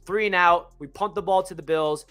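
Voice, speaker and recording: A young man excitedly recapping a football game as a fan channel host, rambling and correcting himself as he goes. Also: high voice, brisk, clear, resonant tone, faint music behind. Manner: energetic, rambling, self-correcting.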